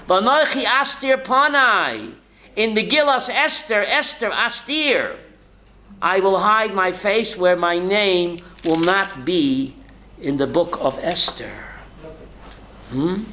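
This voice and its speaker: A male rabbi giving a lively Torah class, asking rhetorical questions and calling on listeners by name. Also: sits high, slow pace. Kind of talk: Torah class to a live audience.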